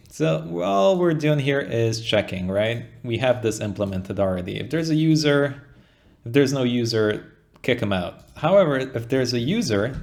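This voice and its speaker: A man's voice: lowish voice, a little mellow. A young man explaining code in a casual walkthrough, thinking aloud and often checking in with "right?". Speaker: coding tutorial instructor. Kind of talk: casual screen-share coding walkthrough.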